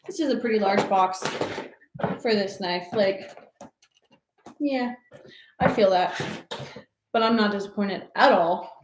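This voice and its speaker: A woman hosting a casual livestream show and tell, gushing and laughing often as she talks. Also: mid-range voice. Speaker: livestream host. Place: home office. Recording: echoey room with faint noise.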